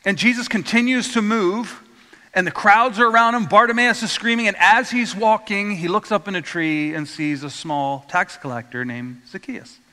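A man preaches a storytelling sermon, his bright voice sitting a little high. He acts out the voices in the stories and asks the congregation to repeat words after him. The sound carries a long hall reverb. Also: normal speed. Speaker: pastor.

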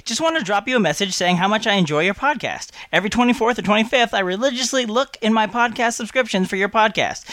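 A man's voice: sits high, bright, forceful tone. A man hosting a podcast, chatting in an upbeat way and reading out listener mail with chatty asides. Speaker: podcast host.

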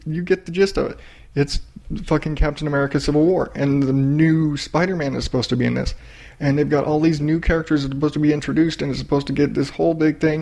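Gravelly, excitable man ranting casually. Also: medium pitch. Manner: excited, rambling, heavy swearing. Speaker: podcast host. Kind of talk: casual profane chat.

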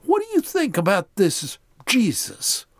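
A man voicing indignant male religious leaders who fire sharp, incredulous questions in a dry-sounding recording. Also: high voice, huge pitch swings, a little slow, no echo, voice pushed up, exaggerated voice. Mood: questioning.

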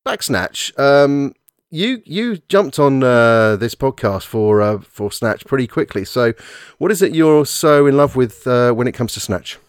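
Brief: English podcast host, joking and profane, lively pitch, dry close mic. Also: male voice, unhurried, clear, resonant tone, dry recording. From England. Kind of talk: casual podcast chat.

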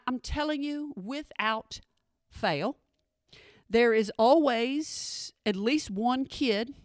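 A woman's voice: fairly high pitch, dry recording. A woman doing stand-up comedy, sassy, with dry asides. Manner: sassy, dry asides, drops into mimicked voices.

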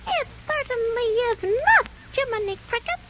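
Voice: very high-pitched, animated, normal speed, sharp tone, heavily acted. An actor playing a grouchy, boastful squirrel who taunts in sing-song rhymes, in 1930s radio drama style. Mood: taunting. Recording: muffled old radio recording, faint hiss.

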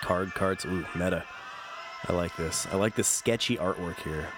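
A man's voice: low-pitched, normal speed, music in the background. A man hosting a podcast in a casual, rambling way, full of fillers and self-mocking jokes. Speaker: podcast host. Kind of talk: casual solo podcast chat.

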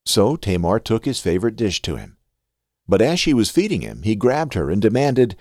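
Guy reading scripture for a podcast, kinda low voice, really animated, dry sound. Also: normal speed, dry recording. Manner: expressive reading with a lively rise and fall.

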